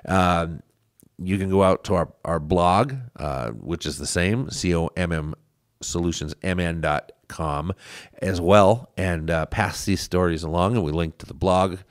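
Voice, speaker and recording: Man, very low voice, dry close mic, earnest political podcast host. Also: measured pace, dry recording. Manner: earnest, urging listeners to get involved. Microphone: studio microphone.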